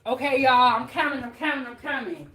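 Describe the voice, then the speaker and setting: A woman's voice: sits high, a little fast, pushed and bright, slight background noise, rough recording. A woman hosting her own cooking vlog, chatting casually to viewers while she cooks in her kitchen and laughing often. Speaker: home cook hosting a cooking channel. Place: home kitchen.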